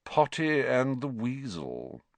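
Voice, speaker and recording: A man's voice: medium pitch, wildly swooping pitch, slow pace, dry recording, pitched above the performer's own voice, heavily acted. A man voicing an arrogant teenage boy who taunts others in a lazy, mocking drawl, in a storybook reading. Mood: sneering.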